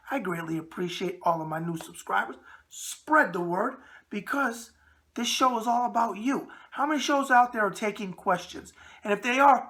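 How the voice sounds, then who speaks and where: A raspy-voiced man with a New York accent hosting a show, bantering in a brash wise-guy way. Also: sits high, sharp tone. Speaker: host. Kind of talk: casual call-in talk show.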